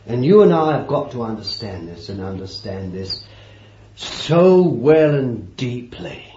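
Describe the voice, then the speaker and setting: A man preaching a sermon, swinging from loud declarations to hushed asides and repeating phrases for emphasis. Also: medium pitch, very animated, a little slow, a little hiss or hum. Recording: roomy, dull old sermon tape.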